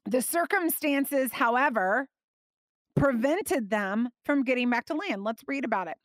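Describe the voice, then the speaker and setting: Animated woman teaching scripture. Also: sits high, measured pace, no echo, clean studio sound. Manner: animated, emphatic, laughs often. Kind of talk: bible teaching.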